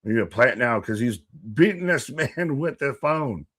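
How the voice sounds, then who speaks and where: A man co-hosting a live wrestling watch-along, rambling and animated, joking with the chat. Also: medium pitch, normal speed, husky.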